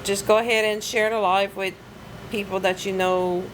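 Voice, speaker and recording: A woman's voice: mid-range voice, flat delivery, moderate pace, a little hiss or hum, poor audio. A woman hosting a casual livestream, talking in a rambling way with lots of filler words. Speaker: livestream host.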